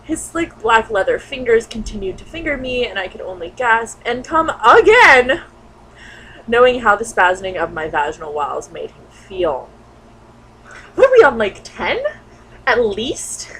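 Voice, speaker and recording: Woman, higher voice, animated comic reader with giggly, exasperated asides. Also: unhurried, breathy edge, rough recording. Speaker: reader of bad fan fiction. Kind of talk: comedic dramatic reading with commentary.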